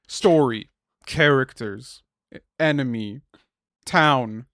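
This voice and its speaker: A young man co-hosting a podcast in casual chat, ranting with lots of swearing and bursting into loud, exasperated shouts. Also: mid-range voice, slow, no echo, studio quality. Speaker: podcast co-host.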